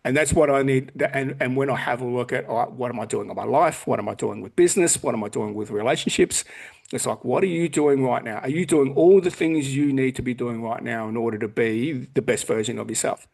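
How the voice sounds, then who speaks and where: A man's voice: mid-range voice, brisk, vocal fry, a little mellow. A man in his forties, a podcast guest in casual chat who talks bluntly, swears a lot and acts out what people said. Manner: blunt and heavily profane, acting out quotes.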